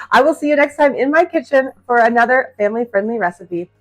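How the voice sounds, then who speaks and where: For her cooking channel, a middle-aged woman gives a casual, upbeat demonstration in her home kitchen, chatting away to viewers she calls guys and friends. Her fairly high voice is animated and quick, with faint background music.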